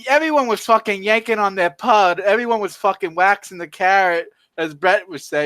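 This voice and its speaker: A man's voice: sits high, normal speed, bright, forceful tone, no room sound. A man in profane casual chat on a stream, telling crude, heated stories and laughing through his rants.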